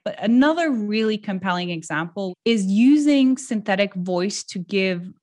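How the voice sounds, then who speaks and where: A woman's voice: mid-range voice, expressive, moderate pace, a little mellow. A woman speaking as an expert guest, answering earnestly with emphasis. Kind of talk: interview answer.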